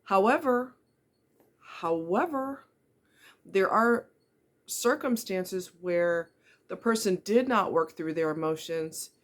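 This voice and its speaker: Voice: medium pitch, takes it slowly, a bit bright. Middle-aged vlogger, earnest and blunt, talks straight to the viewer with pointed questions. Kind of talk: candid personal monologue.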